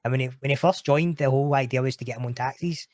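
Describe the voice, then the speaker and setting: A fast-talking Scottish man with a mid-range, darkish voice chats casually as a guest on a podcast, where he's known as a roleplay streamer. He laughs often, uses slang and swears freely, and there's no room sound.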